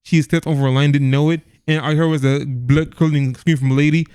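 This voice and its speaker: A man's voice: a little high, fairly even intonation, fast talker, darkish tone, clean tone, no room sound, studio quality. A man co-hosting a casual movie review podcast, rambling with lots of restarts and laughs. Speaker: podcast co-host.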